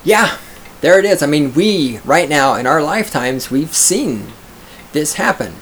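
A man's voice: a little high, big pitch swings, measured pace, a bit bright, slight background noise. A man reading an article aloud and reacting to it in casual commentary, profane and sarcastic, often mocking others in a raised put-on voice.

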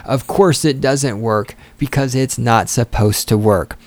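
A man's voice: medium pitch, measured pace, no echo. A man delivering heated, sarcastic, profane commentary as a political commentator. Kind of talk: ranting commentary.

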